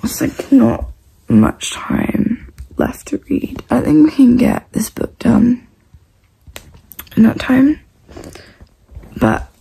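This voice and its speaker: A young woman chatting casually in a reading vlog, gushing and excitable, full of "like" fillers. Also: on the high side, slow, vocal fry, long pauses, husky, poor audio. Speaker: book vlogger.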